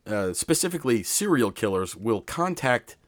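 A man hosting a podcast, introducing a segment with many pauses and restarts. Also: mid-range voice, big pitch swings, no room sound, studio quality. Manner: hesitant, many ums and restarts. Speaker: podcast host. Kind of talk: casual podcast talk.

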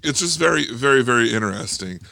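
Gravelly, bright-toned young-sounding man. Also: mid-range voice, animated, fast talker, no echo. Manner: enthusiastic, full of fillers. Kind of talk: casual movie review chat.

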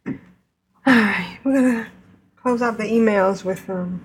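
A woman's voice: medium pitch, slow pace, slightly rough. A woman co-hosting a casual podcast, giggly and playful. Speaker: podcast co-host.

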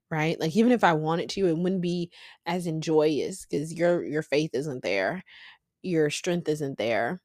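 A woman's voice: low-pitched, a little slow, a little mellow, no echo, clean studio sound. A young woman hosting a casual Bible study podcast, talking in an emphatic, conversational way with slangy asides. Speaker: podcast host.

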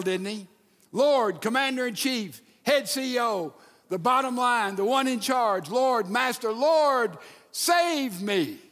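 A man preaching a sermon, acting out the quoted lines and sometimes dropping to a hushed voice. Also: a little high. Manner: animated, acts out quotes, drops to hushed tones. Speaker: pastor. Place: church sanctuary. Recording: long reverb of a large hall.

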